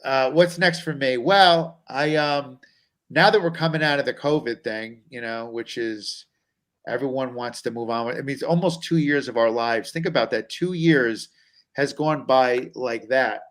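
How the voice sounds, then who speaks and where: Guy comic rambling nervous stories about himself, self-deprecating, average pitch. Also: unhurried, a bit bright. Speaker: comedian guest. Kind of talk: casual comic storytelling.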